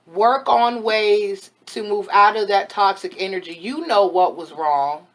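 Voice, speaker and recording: In a somewhat slow, mid-range voice that's a bit worn from overuse, a woman does an informal tarot reading on camera. As a spiritual advisor she chats openly and doles out blunt, motherly guidance.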